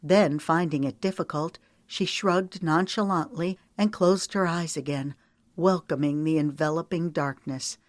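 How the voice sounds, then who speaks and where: Low-voiced woman audiobook narrator. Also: measured pace, no room sound.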